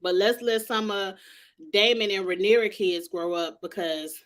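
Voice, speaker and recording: A woman's voice: medium pitch, fairly even intonation, normal speed. A woman giving a casual, sassy TV review, talking bluntly and straight to the characters in slangy speech. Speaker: TV show reviewer. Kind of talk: casual commentary.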